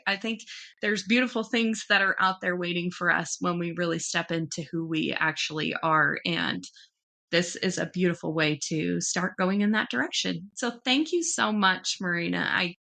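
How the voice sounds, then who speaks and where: A woman's voice: fairly low pitch, vocal fry. A woman hosting a podcast, effusive and full of praise for her guest, talking casually. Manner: warm-hearted, effusive, gushing thanks. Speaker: podcast host. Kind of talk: casual interview conversation.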